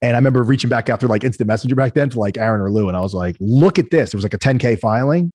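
A man, a guest entrepreneur, telling business stories in a lively, conversational way and acting out the other people in them. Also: medium pitch, racing, slightly rough, dry recording, clean studio sound. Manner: animated, acts out quoted voices. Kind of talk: conversational storytelling.

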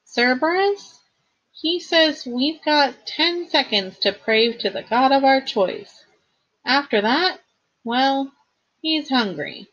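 A woman reading aloud, voicing a nervous teenage satyr boy in an anxious, high-strung way with a husky edge. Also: lively intonation, takes it slowly, fairly bright tone, dull audio, exaggerated voice.

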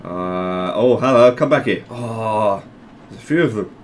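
A man giving casual, rambling commentary over a video game, joking, laughing often and breaking into loud exclamations. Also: lowish voice, measured pace, slight background noise. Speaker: gameplay commentator.

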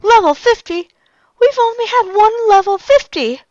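A woman's voice: high voice, sing-song, unhurried, fairly bright tone, no room sound, heavily acted. Girl playing a bossy ghost hunter, over the top, muffled dry mic. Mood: dramatic. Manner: dramatic, exclaiming. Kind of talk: amateur fanfic read-aloud.

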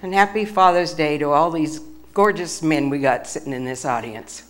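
A woman with a low voice preaches to a small church congregation. She speaks in a halting, homespun way and sounds a little nervous, often restarting her phrases. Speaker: lay preacher. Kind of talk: church sermon.

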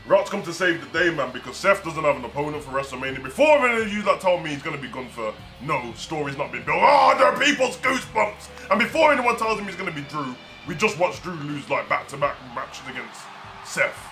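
A young man hosting a wrestling reaction, talking casually and shouting with delight. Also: on the high side, expressive, brisk, over music. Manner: exclamatory, fan-like, shouts in delight. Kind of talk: excited reaction commentary.

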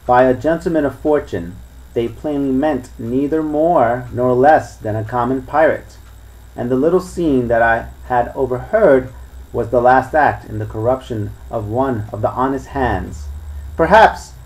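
A man reads an adventure novel aloud in a plain, steady manner. His voice sits at a middle pitch. He closes each part with a relaxed, casual sign-off. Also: a little slow, rough recording. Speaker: reader of a serialized book. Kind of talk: storybook reading.

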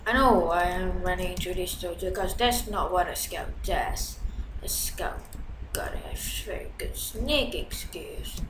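Slow-talking excitable woman gamer. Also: on the low side, echoey room, slight background noise, poor audio. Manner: excitable, chatty, swings from mutters to shouts. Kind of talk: live gameplay commentary.

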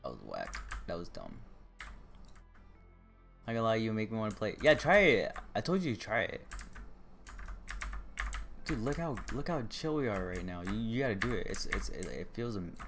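Playing a game on stream, a young man with a lowish voice talks casually, rambling excitably and quickly teasing the people around him. Game music and the clatter of keyboard typing sit under his voice.

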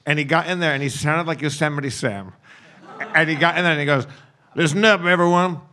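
A man who is a regular on a podcast tells a story in casual chat, stammering and doubling back over his words. His voice sits a little high and sounds bright and sharp. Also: quick pace. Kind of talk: casual anecdote telling.

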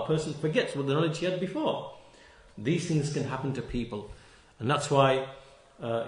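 Heard in a reverberant space, a medium-pitched man lectures on religion as an Islamic lecturer. Emphatic and reproachful toward critics, he repeats key phrases and stretches words to stress them.

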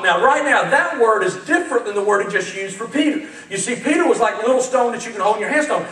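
A man preaching a lively sermon, acting out dialogue and getting fired up as he speaks. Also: extremely high pitch, fairly quick, few pauses. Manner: animated, acts out dialogue, gets fired up. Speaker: pastor. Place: church sanctuary. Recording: echoey church sanctuary, mic at a distance.

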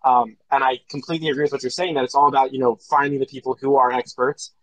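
Young man in his twenties, host of a casual audio chat, quick and promotional, dry sound. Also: medium pitch, level tone, no room sound, rough recording. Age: 20s. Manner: fast, upbeat and promotional.

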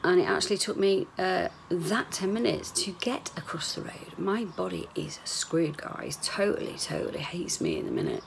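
A woman's voice: lowish voice, very animated, moderate pace, vocal fry, hardly any pauses, slight background noise. A woman, rambling candidly in a chatty video diary, sometimes swearing. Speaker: vlogger.

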